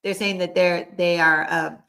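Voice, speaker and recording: Middle-aged woman co-host, loose chatty medium, rambles with fillers, voice sits a touch low. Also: steady tone, unhurried, creaky, bright, forceful tone. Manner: rambling, filler-heavy, relays spirit quotes. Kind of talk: casual chat, channeling messages.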